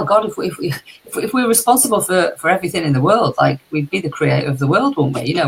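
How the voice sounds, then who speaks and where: A British woman co-hosts a casual live chat in a low, gravelly voice. She tells candid stories and swears freely. Her tone has a husky edge. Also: rough recording. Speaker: co-host, life coach.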